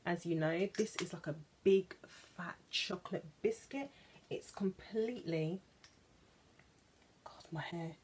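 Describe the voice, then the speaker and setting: A woman from England chatting playfully about perfumes, gushing and now and then dropping into soft whispers. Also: fairly low pitch, unhurried, slightly rough. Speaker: perfume vlogger. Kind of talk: chatty vlog.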